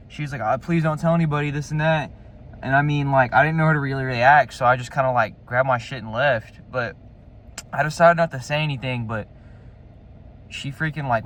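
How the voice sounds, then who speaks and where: A man's voice: medium pitch, fairly bright tone. A man telling a personal story in a casual, rambling way, full of slang fillers and swearing.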